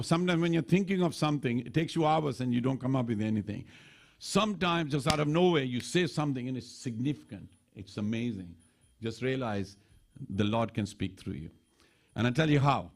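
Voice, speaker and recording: A man giving a sermon at a temple, telling scripture stories in an animated preaching manner. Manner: animated storytelling preacher, quoting lines with shifts in pitch. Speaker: temple speaker. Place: temple hall.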